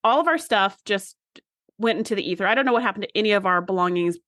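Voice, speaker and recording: A woman co-hosting a podcast in casual chat, animated and acting out characters' lines. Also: mid-range voice, fast, dry recording, studio quality. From United States. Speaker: podcast co-host.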